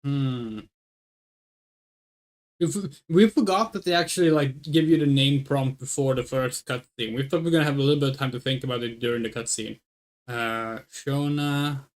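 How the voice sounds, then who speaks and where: Speaking at normal speed in a rumbling low voice, a streamer gives relaxed let's-play commentary to her viewers. She muses aloud and rambles as she picks options, using "we" for herself.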